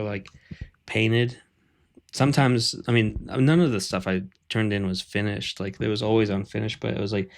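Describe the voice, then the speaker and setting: A man in his thirties, an artist on a live stream, rambling casually with lots of fillers and self-deprecating asides. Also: fairly low pitch.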